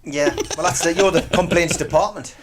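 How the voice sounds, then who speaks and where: A man's voice: fairly high pitch, moderate pace, a crowd in the background. A man with a North East English accent presenting a football radio show, speaking animatedly with frequent stammering restarts. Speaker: radio host. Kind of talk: casual radio chat.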